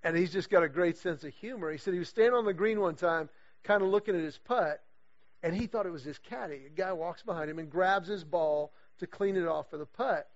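A middle-aged man preaching to a men's group, his voice sitting high for a man. He tells stories with lively animation and acts out the people he quotes. The recording sounds dull and lo-fi. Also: a little fast. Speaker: guest speaker leading a men's series. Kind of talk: storytelling sermon talk.

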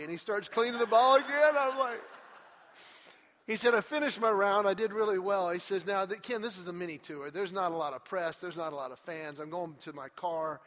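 Animated man preaching in an echoing hall. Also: sits high, brisk, a little hiss or hum. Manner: animated storyteller, acts out quotes with rising energy. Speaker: pastor. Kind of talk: sermon with storytelling. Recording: muffled hall recording with long reverb.

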